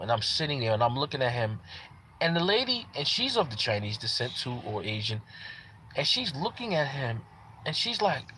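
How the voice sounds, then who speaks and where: A man's voice: mid-range voice, a bit bright, slight background noise. Earnest man telling his testimony. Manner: earnest, repeats phrases for emphasis. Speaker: parent sharing a personal testimony. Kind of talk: casual personal testimony.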